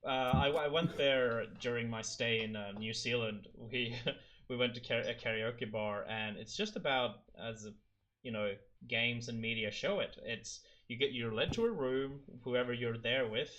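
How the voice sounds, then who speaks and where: A man's voice: mid-range voice, moderate pace, fairly bright tone, a little hiss or hum. Joking young man on a podcast. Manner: jokey, laughs often, breaks into silly sung impressions. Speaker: podcast co-host. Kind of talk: casual chat.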